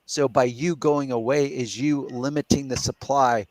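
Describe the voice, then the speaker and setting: A man's voice: medium pitch, fairly even intonation, normal speed, darkish tone, dry recording. A middle-aged man hosting a casual live question-and-answer chat, explaining his points step by step and reasoning aloud. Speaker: podcast host.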